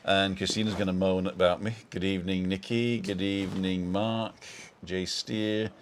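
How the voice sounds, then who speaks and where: Middle-aged man, low voice, loose live-stream host chatting to viewers from home. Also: flat delivery, moderate pace, a little hiss or hum. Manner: rambling, greets viewers by name, chuckles often. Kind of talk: casual live-stream chat.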